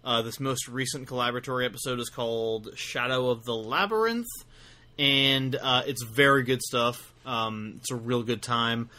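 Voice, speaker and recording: Speaking at a moderate pace with a sharp, mid-range voice, a tired podcast co-host wanders casually through plugs for his projects, poking fun at himself as he goes.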